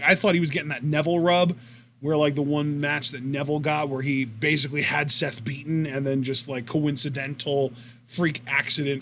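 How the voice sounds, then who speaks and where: A man's voice: on the high side, a little hiss or hum. A man co-hosting a wrestling podcast in casual commentary, rambling and swearing as he retells matches. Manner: rambling, profane, animated retelling.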